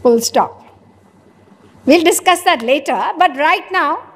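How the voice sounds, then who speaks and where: A woman with a high voice delivers a philosophy lecture to listeners. She poses rhetorical questions and acts out imagined conversations. Her voice rings with a long reverb, as if in a large hall. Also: fairly bright tone. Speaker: spiritual lecturer.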